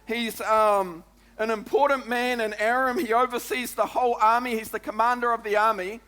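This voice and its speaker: High, bright New Zealand preacher man. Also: normal speed. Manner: lively, chatty preaching with frequent "come on" and "eh?". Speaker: pastor. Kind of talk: sermon.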